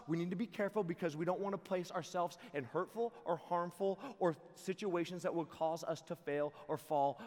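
A man giving an energetic sermon full of personal stories, his voice ringing in a large hall. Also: on the high side. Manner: energetic, shifts into loud excited voices for quotes. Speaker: youth camp speaker. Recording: long reverb of a large hall.

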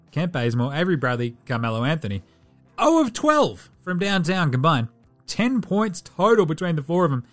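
A man hosting a casual sports podcast, running through game stats with an irreverent, sweary, joking manner. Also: a little high. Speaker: podcast host.

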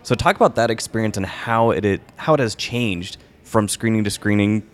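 A male interviewer with a lowish voice. He keeps his prompts short and encouraging and asks his questions in a relaxed way. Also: moderate pace. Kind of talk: interview conversation.

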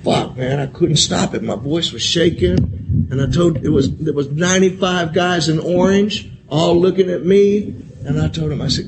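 A man's voice: a little high, normal speed, vocal fry. A man speaking at a convention and sharing his recovery story candidly. He rambles, repeats himself, swears often and keeps saying "man.". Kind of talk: candid recovery share, profane and emotional. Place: convention hall. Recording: live talk with loud room noise.

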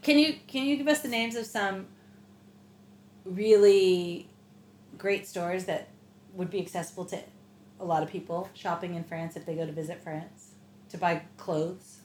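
A woman's voice: lowish voice, unhurried, long pauses, a little mellow. A woman hosting a casual language lesson, asking short prompt questions in a chatty way. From United States. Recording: echoey room with faint noise.

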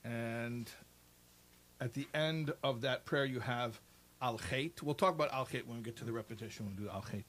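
A man's voice: mid-range voice, normal speed. Chatty man explaining prayer casually. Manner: storytelling, animated put-on voices for anecdotes. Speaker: co-host.

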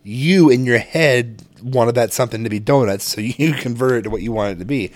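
A man's voice: medium pitch, a little fast, no room sound. A man co-hosting a podcast, telling rambling, profane stories about his kids. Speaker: podcast co-host, father. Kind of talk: casual chat.

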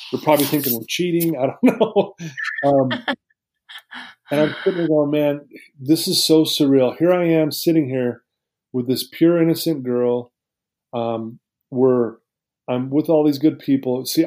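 A man's voice: medium pitch, warm tone. A middle-aged man telling his life story to an interviewer, earnest and emotional, with many restarts. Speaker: guest.

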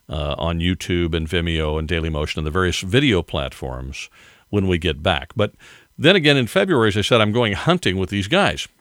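Older guy rambling on his podcast, lowish voice, chuckles a lot, dry sound. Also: a bit bright, dry recording. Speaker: podcast host. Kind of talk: casual monologue.

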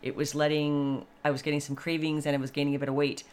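A woman in her fifties talking in a blunt, chatty, animated monologue. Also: low-pitched, fast talker, clean tone. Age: 50s. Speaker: vlogger. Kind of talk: casual monologue.

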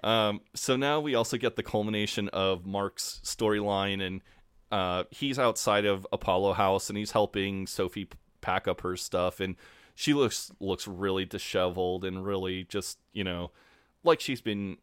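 A man co-hosting a podcast, recapping in a relaxed, chatty way with lots of fillers. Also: low voice, normal speed, clean tone, dry recording. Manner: relaxed, many fillers, acts out quotes. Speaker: podcast co-host. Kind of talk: casual chat recapping a TV episode.

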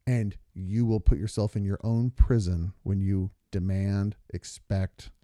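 A man's voice: lowish voice, little pitch movement, unhurried, warm tone, dry recording, studio quality. A man co-hosting a podcast with his wife, talking earnestly through long examples and stories. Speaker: podcast co-host. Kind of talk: casual podcast conversation.

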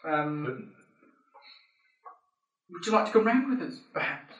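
A man plays a tabletop game in a high, lively voice, hesitant and polite, often stammering. He is heard from a distance in an echoey room. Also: unhurried, muffled recording. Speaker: player. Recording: echoey room, far mic.

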